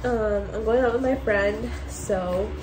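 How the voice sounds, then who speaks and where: A young woman with a mid-range voice talks slowly to her camera at home while getting ready at a vanity, with background noise audible. Her get-ready-with-me vlog chat is casual and candid, rambling along with occasional swearing.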